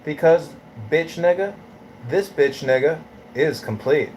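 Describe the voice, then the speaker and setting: A man's voice: on the high side, expressive, measured pace, darkish tone, a little hiss or hum, poor audio. A man hosting a live audio chat room, ranting in a profane, taunting, swaggering way.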